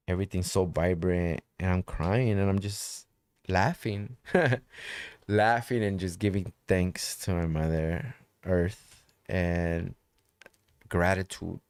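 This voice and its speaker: A man's voice: low voice, takes it slowly, vocal fry, a little mellow, dry recording. A man telling a personal story in casual conversation, loose and profane, repeating phrases for emphasis.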